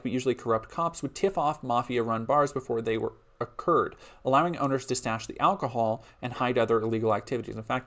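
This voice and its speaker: Reading a history script aloud on stream, this man interrupts himself for relaxed, laughing asides to his chat between passages. His voice is medium-pitched and somewhat bright.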